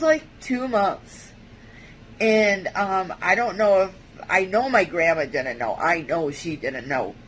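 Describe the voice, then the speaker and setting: A woman vlogger giving a halting, hesitant personal testimony, with many fillers and restarts. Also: fairly high pitch, a bit bright, a little hiss or hum, rough recording.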